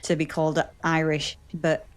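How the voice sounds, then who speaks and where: A woman's voice: low voice, completely flat delivery, normal speed. A woman from Yorkshire with a Yorkshire accent, co-hosting a podcast in a bubbly, playful chat. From Yorkshire, England. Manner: bubbly, playful, mimics voices. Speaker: podcast co-host. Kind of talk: casual chat.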